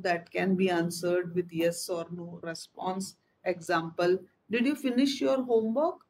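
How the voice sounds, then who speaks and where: A woman teacher giving a grammar lesson, explaining step by step, repeating key terms and reading out example sentences. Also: fairly low pitch. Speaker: English teacher.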